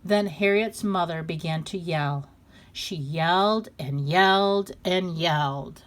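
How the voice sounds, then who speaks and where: Woman reading a picture book slowly. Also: fairly low pitch, a little hiss or hum. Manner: slow, deliberate, expressive pauses. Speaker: storybook reader. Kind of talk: picture-book read-aloud.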